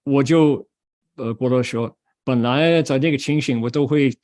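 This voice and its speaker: Older monk telling a story. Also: male voice, mid-range voice, normal speed, darkish tone. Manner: switches between Mandarin and English, acts out quoted voices. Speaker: Buddhist monk giving a Dharma talk. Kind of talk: storytelling talk.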